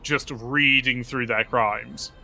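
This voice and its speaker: A man's voice: medium pitch, fairly even intonation, slow pace, creaky, pushed and bright, soft background music. A man running a tabletop role-playing game as game master, telling the scene in vivid, gory detail with casual fillers.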